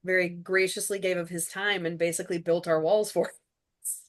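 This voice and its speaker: A woman's voice: lowish voice, flat delivery, normal speed. A woman who made the series, chatting casually and gratefully in a commentary, with a loose, rambling way of talking. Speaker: show creator and producer.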